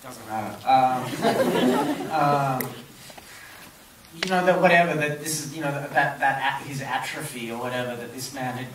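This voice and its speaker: A man's voice: medium pitch, a little slow, background noise. A film director at a live audience Q&A, answering thoughtfully and searching for his words. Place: cinema auditorium. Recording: roomy hall, distant mic.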